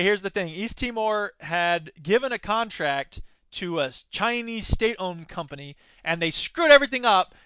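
A sarcastic, animated man hosting a solo news podcast, who argues with himself. His voice is high and bright. The sound is dry and close. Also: no room sound. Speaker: podcast host.

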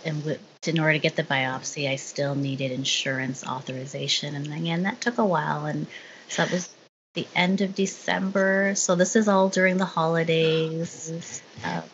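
A woman candidly recounting a personal experience in casual conversation, halting with fillers and restarts. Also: low voice, fairly even intonation. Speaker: guest sharing her story. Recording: dull lo-fi sound with faint noise.

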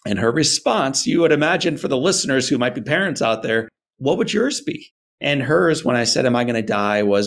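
A man being interviewed, telling a personal story in an earnest, animated way and acting out his parents' words. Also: mid-range voice, fairly quick. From United States. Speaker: guest.

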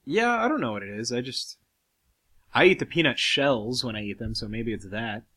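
A young man co-hosting a loose podcast, his tone bright and forward. He rambles, swears freely and laughs a lot. Casual, crude banter. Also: medium pitch, animated, normal speed. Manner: profane, laughs often, rambling. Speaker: podcast co-host.

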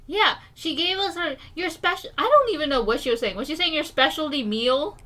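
Bright, animated young American woman. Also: a little fast. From United States. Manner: animated, acts out quoted lines with exaggerated pitch jumps. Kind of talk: casual chat.

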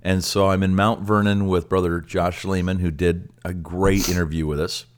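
An older man co-hosting a casual ministry podcast. He tells stories with animated energy and often stammers into restarts. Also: low voice, normal speed. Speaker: ministry director and co-host.

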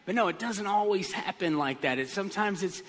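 A male pastor with a high-pitched voice preaches a sermon at a slightly fast pace, telling animated stories with comic voices. A long hall reverb surrounds him.

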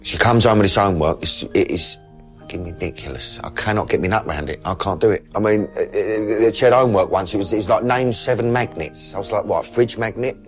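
A man's voice: fairly low pitch, fairly quick, soft background music. A middle-aged man with a Cockney accent ranting bluntly and swearing about parenting chores.

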